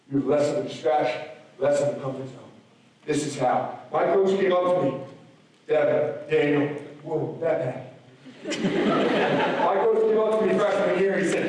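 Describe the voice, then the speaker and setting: A man's voice: fairly high pitch, darkish tone. A man in his thirties giving a motivational speech to a school assembly, punchy and direct, firing rhetorical questions at the students. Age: 30s. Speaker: motivational speaker. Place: large school gym or auditorium. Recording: very echoey hall, voice from far off.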